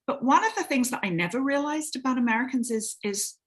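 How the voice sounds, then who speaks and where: A middle-aged Englishwoman talks about her work in an easy, conversational way. Her voice sits fairly high and moves around a lot, rising and falling with lively swings of pitch. She speaks with warm, self-deprecating humor. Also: fast talker. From England. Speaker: author guest. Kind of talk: casual interview chat.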